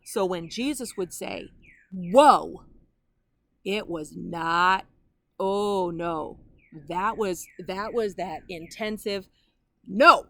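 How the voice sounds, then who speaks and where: Slow, earnest grandmotherly Bible teacher woman. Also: lowish voice, a bit bright. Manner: earnest and conversational, with personal asides. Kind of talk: online Bible teaching to camera.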